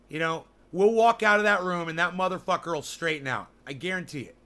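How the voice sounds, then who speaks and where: A man livestreaming and chatting with his viewers, swearing freely and ranting between long filler pauses. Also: a little high, sharp tone. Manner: profane, ranting, full of fillers. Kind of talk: casual livestream chat.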